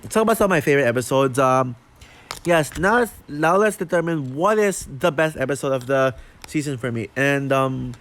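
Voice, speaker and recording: A man talking through a show review off the cuff, halting with many fillers and restarts, short of breath. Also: medium pitch, animated, a bit bright. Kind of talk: unscripted review talk.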